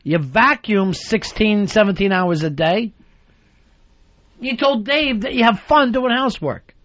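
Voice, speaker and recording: Higher-voiced male radio host, profane and theatrically fed up, dry lo-fi broadcast sound. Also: a little slow, a bit bright, no echo. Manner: profane, mock-exasperated rants. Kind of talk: radio talk show banter.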